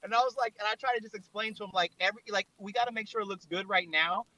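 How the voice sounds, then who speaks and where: A man's voice: high-pitched, very fast, sharp tone. A man, a videographer, telling a story in casual chat, rambling and full of "like". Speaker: videographer and director. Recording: dull lo-fi online audio.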